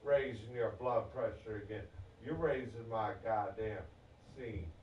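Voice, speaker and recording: A man's voice: on the low side, a little slow, background noise. Agitated man, profane disjointed rant, recorded far off in a roomy space. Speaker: vlogger. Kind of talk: angry rambling rant. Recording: echoey, distant, muffled.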